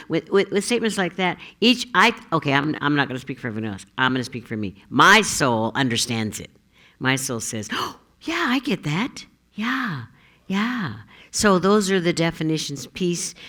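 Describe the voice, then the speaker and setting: Low-pitched woman minister, playful and giggly sermon delivery. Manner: giggly, joke-telling, animated. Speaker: minister giving the Sunday message.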